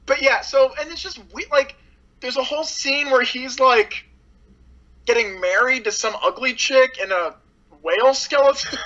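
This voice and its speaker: Blunt, sarcastic woman reviewer with a bright voice, casual and loose; slightly dull recording. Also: sits high, moderate pace. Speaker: movie reviewer.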